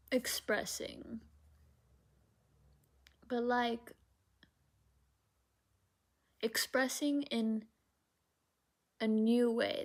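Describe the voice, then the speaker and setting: A young woman reads tarot cards in a slow, dreamy, musing way, often pausing on fillers. Her voice sits a little high and has a gravelly vocal fry. The pace is very unhurried. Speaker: tarot reader. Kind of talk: casual tarot reading.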